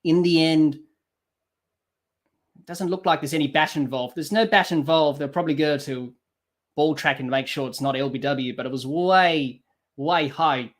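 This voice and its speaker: A man doing live cricket commentary for a podcast, rising excitedly on the play and dropping quiet to read viewer comments. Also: measured pace. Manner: lifts pitch and volume for the action, drops low to read comments and chat.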